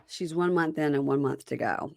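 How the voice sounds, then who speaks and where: Female co-host, young adult, low-pitched, dry close sound, retells scenes with quoted voices. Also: normal speed, creaky, no room sound. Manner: retells scenes, quoting people in lively voices. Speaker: podcast co-host recapping a reality show. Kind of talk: casual chat.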